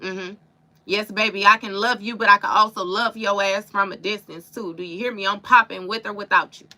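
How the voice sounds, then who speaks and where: A woman gives a live tarot reading in a bright, forward voice. She talks straight to her viewers, casual and emphatic, full of slang. Her pitch sits in the middle range for a woman. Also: steady tone, brisk. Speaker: tarot reader.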